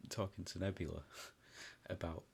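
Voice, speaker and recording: Very deep, gravelly-voiced player. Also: male voice, steady tone, moderate pace. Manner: laughing, rambling. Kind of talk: casual tabletop game chat.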